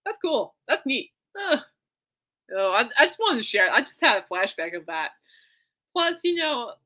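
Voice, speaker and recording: This is a woman hosting a solo podcast, rambling through a story with lots of fillers, restarts and bursts of excitement. Her voice is bright and forceful, sitting at an ordinary pitch for a woman. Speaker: podcast host. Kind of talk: casual rambling monologue.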